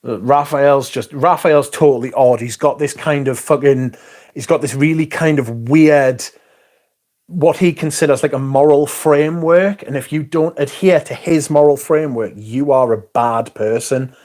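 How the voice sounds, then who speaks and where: A man's voice: medium pitch, moderate pace, darkish tone. A man hosting a livestream, ranting casually with heavy swearing and rambling asides. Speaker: livestream host.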